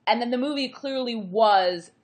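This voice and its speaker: A woman's voice: fairly high pitch, moderate pace. A woman talking about movies from home over a call, chatty and reflective, with many restarts. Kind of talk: casual conversation about movies.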